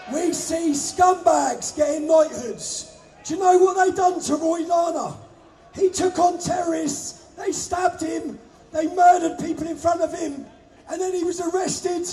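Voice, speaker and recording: A man giving an emphatic, shouted speech from an outdoor rally stage into a microphone. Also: very high voice, far from the mic. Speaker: rally speaker.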